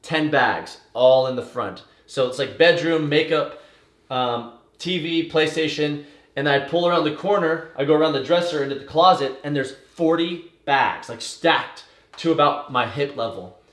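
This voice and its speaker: A man recounts a wild personal story in loose, conversational storytelling, packed with fillers and casual swearing. His voice sits a bit high for a man. The room around him rings with a noticeable echo. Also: normal speed. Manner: animated, tumbling retelling with swearing and fillers. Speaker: vlogger telling a story. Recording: echoey room.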